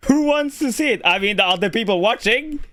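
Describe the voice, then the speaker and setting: A man's voice: sits high, expressive, fairly quick, a bit bright. A man from Norway streaming live, ranting at his chat in a profane, irritated way.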